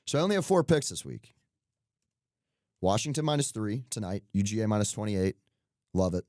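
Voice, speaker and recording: A man's voice: on the low side, big pitch swings, fairly quick, darkish tone, dry recording, studio quality. A young man co-hosting a podcast, chatting casually about sports bets, joking and rambling and laughing at himself. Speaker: podcast co-host. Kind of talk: casual sports betting chat.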